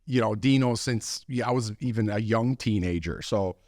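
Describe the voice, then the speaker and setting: A man's voice: on the low side, normal speed, darkish tone, no echo, studio quality. A man co-hosting a podcast, talking casually and rambling with lots of fillers. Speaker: podcast co-host. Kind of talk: casual chat.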